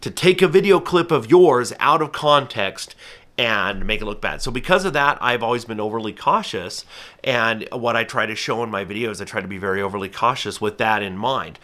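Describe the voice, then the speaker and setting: Bright-voiced man explaining earnestly. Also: medium pitch. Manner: earnest, cautious explaining with everyday examples. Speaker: falconer and channel host. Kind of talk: casual educational talk to camera.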